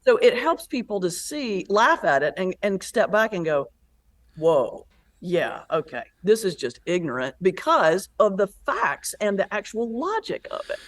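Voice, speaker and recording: A woman's voice: medium pitch, a little slow. A woman pastor and comedian, a guest in a conversational interview, telling stories and acting out the voices in them. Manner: lively storyteller who acts out quoted voices.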